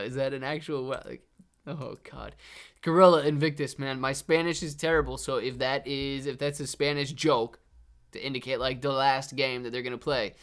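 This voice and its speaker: Young adult man, livestream host, casual chat, laid-back, says dude a lot. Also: mid-range voice. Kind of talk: casual live stream chat.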